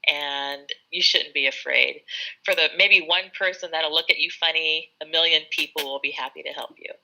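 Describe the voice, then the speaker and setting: A woman's voice: deep voice, fairly even intonation, normal speed, creaky, bright, forceful tone, rough recording. An American woman, an English tutor, talking in an encouraging, emphatic way in a casual live conversation, often restarting her sentences. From United States.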